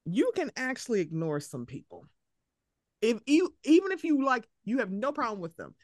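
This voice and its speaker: A young woman from Baltimore hosting a podcast, chatting casually and profanely, acting out quotes with animated energy. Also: fairly high pitch, moderate pace, no room sound, clean studio sound. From Baltimore, USA. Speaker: podcast host. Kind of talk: casual chat. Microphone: podcast mic.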